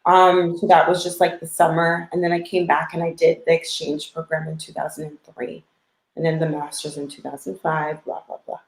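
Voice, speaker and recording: A woman's voice: low voice, level tone, moderate pace, vocal fry, roomy sound, rough recording. A woman from the United States, a guest on a live chat, talking casually and laughing easily as she trails off mid-sentence. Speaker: guest, lives in Italy.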